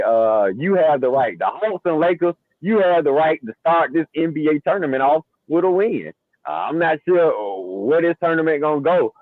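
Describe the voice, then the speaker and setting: Animated man on a tinny phone line. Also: fairly high pitch, no room sound. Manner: animated, trash-talking. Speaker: co-host. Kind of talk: casual sports talk.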